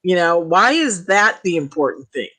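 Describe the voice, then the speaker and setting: A woman on a talk radio show, telling her experiences in an animated, emphatic, excitable way. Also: fairly low pitch, moderate pace, low-quality recording. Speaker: UFO contactee guest. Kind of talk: casual talk radio chat.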